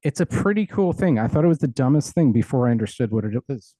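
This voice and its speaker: A man's voice: mid-range voice, lively intonation, fast, mellow, no room sound. A middle-aged man, an audio engineer and educator, explaining technical ideas plainly and with humor as an interview guest on a video call.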